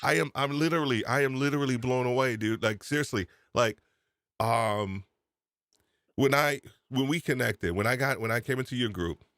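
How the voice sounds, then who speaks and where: A man hosting a live podcast chat, excitable and laughing, often repeating himself, speaking into a desk microphone. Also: medium pitch, normal speed, dry recording, studio quality. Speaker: podcast host. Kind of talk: casual live-stream chat. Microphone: USB desk microphone.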